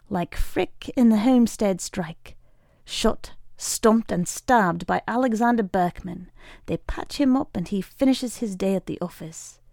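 Gravelly woman reading a story. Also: mid-range voice, dark tone, dry recording, clean studio sound. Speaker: reader.

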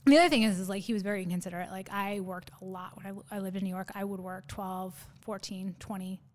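A woman's voice: medium pitch, steady tone, quick pace, a little mellow. Nervous rambling woman in her thirties. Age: 30s. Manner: rambling, many likes and restarts. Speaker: podcast guest. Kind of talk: casual rambling storytelling.

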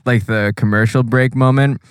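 A man's voice: mid-range voice, fairly even intonation, moderate pace, clear, resonant tone, no room sound. Podcast co-host, male, casual profane recap, dry close car sound. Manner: profane, laughing, acts out quotes. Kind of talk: casual anime recap chat.

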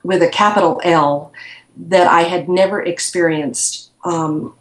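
Brief: woman guest, low-ish voice, soft and reflective, echoey room. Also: steady tone, unhurried. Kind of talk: recounting a personal experience.

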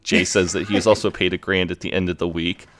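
A man's voice: low-pitched, flat delivery, fast talker, a bit bright, slight background noise. A man co-hosting a podcast, recapping an episode in an easygoing, eager way. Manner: easygoing, eager, fond of the show. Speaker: podcast co-host.

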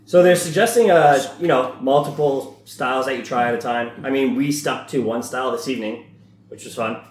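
A man's voice: medium pitch, a little fast. A man hosting a casual beer podcast, reading out his notes and laughing often. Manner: laughing, reads segments aloud. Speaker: podcast host. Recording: echoey room, faint hiss.

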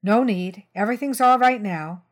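A woman's voice: medium pitch, lightly acted. A woman reading the lines of a defensive middle-aged man who insists nothing is wrong. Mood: insistent. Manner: insistent, quick to deny.

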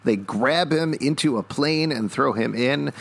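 A man's voice: medium pitch, a little slow, gravelly. A man hosting a casual podcast, recapping a TV episode with lots of "uh" fillers. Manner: chatty, recaps plot with frequent "uh" fillers. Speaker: podcast host.

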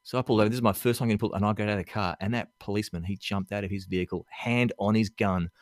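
A man's voice: lowish voice, very fast, dry recording, studio quality. A man with an Australian accent, chatting as a podcast guest and telling stories with lots of laughs. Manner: animated storyteller who laughs often and acts out quotes. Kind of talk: casual chat.

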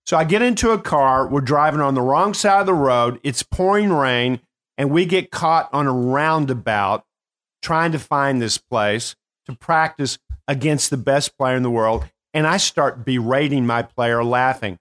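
An older man hosting a show as a coach, telling stories in a casual, animated way with bursts of laughter. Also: medium pitch. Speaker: host and performance coach. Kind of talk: casual storytelling.

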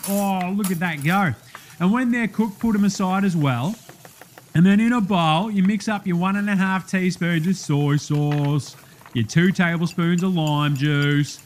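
A man's voice: high voice, slight background noise, close to an everyday voice. A man with an Australian accent, playing a brash, blokey male cooking show host in a comedy sketch, slangy and cheeky, laughing at his own jokes.

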